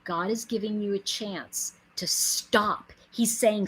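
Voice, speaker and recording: A middle-aged woman talks straight to her viewers about faith, her husky voice sitting at an ordinary pitch. She tells stories, acts out what others said, and climbs into emphatic, urgent pleas. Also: takes it slowly, poor audio. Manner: animated, storytelling, acts out quotes, rises to emphatic pleas. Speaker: spiritual speaker and host. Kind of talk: live inspirational talk to viewers.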